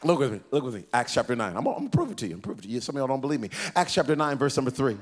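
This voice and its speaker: A man preaching a sermon, animated and playful, acting out voices of Bible figures and teasing the congregation. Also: medium pitch, racing, a faint crowd. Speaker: pastor. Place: church.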